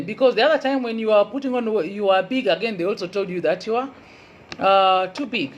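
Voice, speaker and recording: A woman with a Kenyan Luo accent, a university lecturer giving an earnest motivational talk and repeating key advice slowly for emphasis. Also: medium pitch, dull audio.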